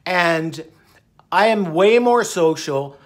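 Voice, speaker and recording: A man's voice: sits high, animated, takes it slowly. A middle-aged man talking casually to camera in a rambling, upbeat way, now and then breaking into song. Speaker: vlogger. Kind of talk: casual talk to camera, with bits sung.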